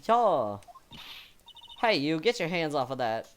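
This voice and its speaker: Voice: mid-range voice, sing-song, a little fast, natural voice. A voice actor playing a brash, blunt Southern woman photographer with a drawling twang, in a fan voice-over of a game. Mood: indignant. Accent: American Southern, put on. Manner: loud drawling twang, blustery.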